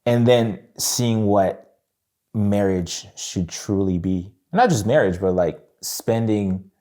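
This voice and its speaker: A man's voice: fairly low pitch, slow pace, warm tone. A young adult man chatting as a podcast guest in a laid-back way, saying "bro" and "man" often. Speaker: guest musician. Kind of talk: casual chat.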